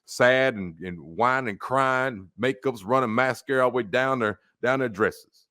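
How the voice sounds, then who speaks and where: A man preaching a blunt, mocking sermon, dropping to low mutters and jumping to loud outbursts. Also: moderate pace. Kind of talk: fiery street-style sermon.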